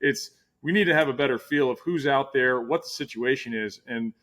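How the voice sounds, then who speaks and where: A man's voice: mid-range voice, fairly quick, a bit bright. A middle-aged man hosting a casual interview, talking in a rambling way with many restarts. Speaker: podcast host.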